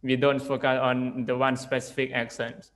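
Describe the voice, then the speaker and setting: A man's voice: medium pitch, completely flat delivery, normal speed, a bit bright, poor audio. A young man from Laos with a Lao accent, an English teacher talking casually and hesitantly, with many fillers and restarts. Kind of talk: casual interview chat.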